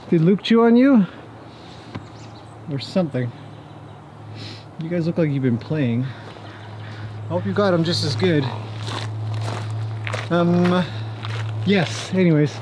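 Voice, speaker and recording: A man's voice: fairly high pitch, dull audio, background noise. A man working as a horse trainer, chatting casually and joking as he talks to his horses outdoors. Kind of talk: casual vlog talk to camera and horses.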